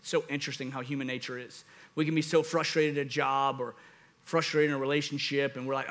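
High, bright-voiced male preacher. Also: fast talker. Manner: energetic, rising into loud emphatic preaching; acts out listeners in a jokey hyped voice. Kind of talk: sermon.

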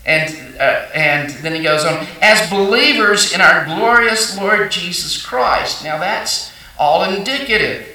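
Man preaching, bright voice, a bit high, heard from a distance in a roomy, echoey church. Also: expressive, slow pace. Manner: folksy storytelling with frequent fillers and restarts. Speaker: pastor. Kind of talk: sermon. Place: church sanctuary.

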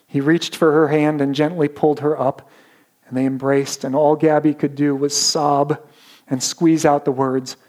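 Brief: male pastor, fairly high voice, dramatic story-driven sermon with slowed emphasis. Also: level tone, a little mellow.

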